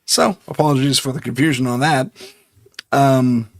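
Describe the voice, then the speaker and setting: A man hosting a live paranormal talk show, rambling casually, correcting himself and chuckling often. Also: mid-range voice. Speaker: podcast host.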